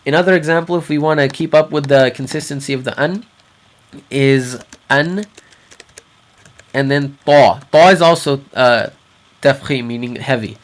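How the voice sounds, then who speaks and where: A man teaching Quran recitation rules, explaining patiently and repeating each example word slowly so learners can hear it. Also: on the high side, fairly bright tone. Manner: patient, repeats Arabic words slowly for practice. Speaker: tajweed teacher.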